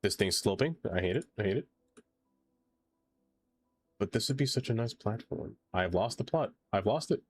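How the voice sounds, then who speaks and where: A man's voice: fairly low pitch, lively intonation, moderate pace, long pauses, slightly rough. A man live-streaming a game, chatting playfully, thanking viewers and groaning theatrically at mistakes. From not American. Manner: playful, theatrical groans, reads chat aloud. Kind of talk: casual live-stream chat while playing.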